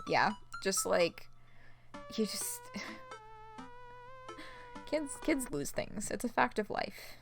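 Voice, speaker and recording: A young woman streaming a game and chatting along, candid, self-deprecating and casual with her swearing. Her voice has a gravelly fry to it, and her pitch swings widely. Faint music sits under her talk. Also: wildly swooping pitch, drawn-out words, pauses often. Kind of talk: casual let's-play commentary.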